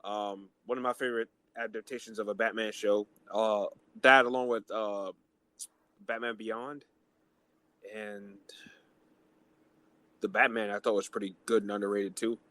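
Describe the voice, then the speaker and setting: A man co-hosting a casual podcast, chatting in a relaxed way with fillers and the odd swear. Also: lowish voice, measured pace, pauses often. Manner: relaxed, easygoing fan talk with fillers and mild swearing. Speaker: podcast co-host. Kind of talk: casual chat.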